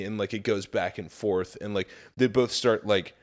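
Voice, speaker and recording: A man co-hosting a podcast, talking casually with lots of swearing and animated storytelling. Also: fairly low pitch, moderate pace. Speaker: podcast co-host. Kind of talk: casual chat.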